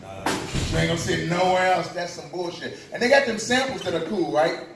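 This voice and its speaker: A man's voice: on the high side, big pitch swings, brisk, gravelly. A man from Kentucky doing a loose, profane stand-up set in a comedy club. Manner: loose, profane storytelling with punchlines. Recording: very echoey club from far off, noisy. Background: club crowd laughing.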